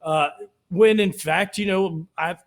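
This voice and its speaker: A man's voice: sits high, takes it slowly. A man, co-hosting a casual talk podcast and telling stories with acted-out quotes. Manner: animated storyteller, acts out quotes in raised voices. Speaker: podcast co-host. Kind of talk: casual chat.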